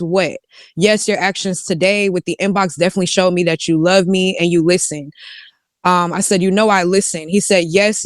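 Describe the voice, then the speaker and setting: Woman reading texts aloud, crisp and dry. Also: fairly low pitch, dry recording. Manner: reads texts in quotes, with asides and swearing. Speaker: guest reading out text messages. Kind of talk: casual reading of text messages aloud.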